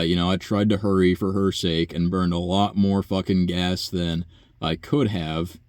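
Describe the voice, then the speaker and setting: A man's voice: low voice, a little mellow, no room sound. A young man, a nursing home worker, telling a long profane story in a rambling, sighing way. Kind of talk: casual rant monologue.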